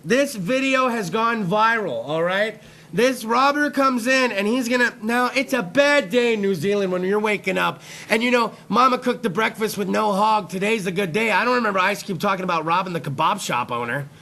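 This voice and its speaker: A man with a high, gravelly voice tells a rambling, profane comic rant as a talk show host. His delivery is excitable, and his tone is bright and sharp. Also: moderate pace. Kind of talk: comedic rant on a live internet talk show.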